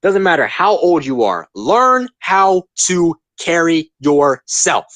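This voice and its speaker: A man in his twenties hosts a casual podcast, ranting emphatically and hammering his points home. His pitch leaps and dips with real animation. The sound is dry, with no room around it. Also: very animated, measured pace, few pauses, fairly bright tone, no room sound. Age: 20s. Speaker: podcast host.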